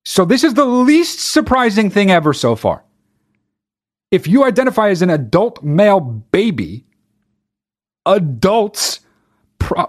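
Sarcastic, swearing male commentator, animated. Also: high-pitched. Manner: sarcastic, profane, incredulous. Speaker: show host. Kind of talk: comedic commentary reacting to an article.

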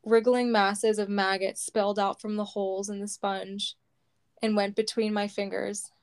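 A woman reading her own personal memoir aloud, slow and heavy, close to tears. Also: mid-range voice, little pitch movement, clear, resonant tone. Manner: slow, heavy, measured storytelling.

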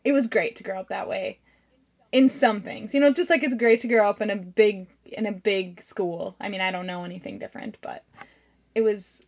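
A woman's voice: medium pitch, moderate pace. A woman guest on a remote podcast call, chatting casually with frequent laughs and fillers. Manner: giggly, animated, lots of fillers. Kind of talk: casual conversation.

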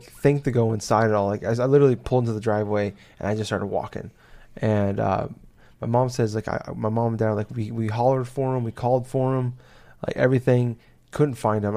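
A young man chatting casually on a podcast, telling a story in a halting, rambling way full of restarts and fillers. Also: medium pitch, fairly even intonation, warm tone.

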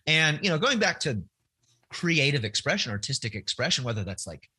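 A man's voice: fairly high pitch, sing-song, a little fast, pushed and bright, breathy edge. A middle-aged man telling candid personal stories in a reflective, earnest way, often restarting his sentences. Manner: reflective, earnest, hesitant with many restarts and fillers. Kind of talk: candid conversational storytelling.

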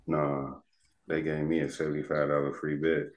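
A man co-hosting a casual podcast chat, profane and animated, laughing often and trailing off quietly. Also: rumbling low, normal speed. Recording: echoey room.

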